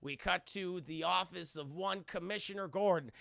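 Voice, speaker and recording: Guy streamer recapping a cartoon for chat, swears a lot, bright gravelly voice, dry close mic. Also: sits high, moderate pace, no echo. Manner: rambling, swears, keeps addressing chat. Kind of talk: casual profane episode recap.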